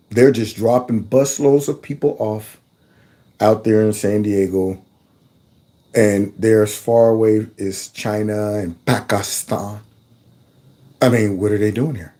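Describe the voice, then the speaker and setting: A man's voice: on the low side, slow, pauses often, a little mellow. A man hosting his own commentary channel, reacting indignantly to news clips with a string of rhetorical questions and folksy asides.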